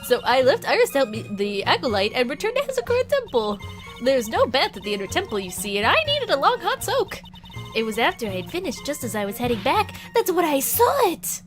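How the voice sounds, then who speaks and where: A jolly old head nun with a high, lively, sing-song voice, as a woman streamer puts her on. She talks in a folksy, teasing way, reading game dialogue over soft game music. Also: a little fast. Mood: storytelling. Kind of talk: game dialogue read aloud.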